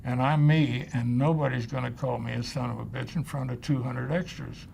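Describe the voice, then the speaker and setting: Gravelly older man telling stories. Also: medium pitch, moderate pace, slight background noise. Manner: animated storyteller who acts out quoted dialogue. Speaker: interviewee. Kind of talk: recounting anecdotes in an interview.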